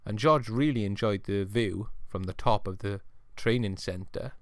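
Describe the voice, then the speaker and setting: A man's voice: fairly low pitch, a little slow, few pauses, dry recording, studio quality. A man narrating a toy play story and chatting to young viewers as a channel host.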